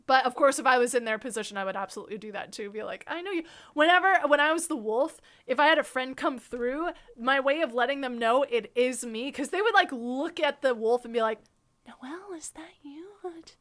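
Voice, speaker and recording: A woman hosting a casual interview chat, animated and acting out quoted lines as she tells stories. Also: sits high, brisk, few pauses. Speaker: host interviewing a guest.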